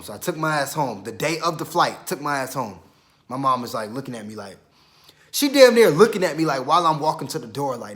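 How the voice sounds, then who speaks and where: A young man from Georgia telling a story in a casual, slangy, profane way, quoting himself as he goes. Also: mid-range voice. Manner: animated, quick retelling with self-quotes. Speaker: vlogger.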